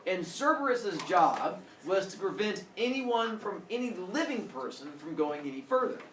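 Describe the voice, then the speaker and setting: Animated male teacher, echoey classroom. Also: high voice, moderate pace, recorded from a distance, background noise. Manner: animated, acts out characters with sound effects. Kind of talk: classroom storytelling lecture.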